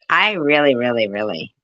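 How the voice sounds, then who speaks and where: A woman's voice: extremely low pitch, pushed and bright, no echo, highs cut off. A woman ranting profanely and confrontationally on a phone livestream, rambling and chatting with her viewers. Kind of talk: livestream rant.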